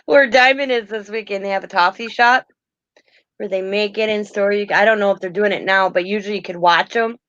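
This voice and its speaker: A woman's voice: mid-range voice, steady tone, a little fast, a bit bright, no echo. Rambling middle-aged woman, muffled dry sound. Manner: rambling, self-correcting storyteller. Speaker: host of a crafting chat. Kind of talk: casual chat.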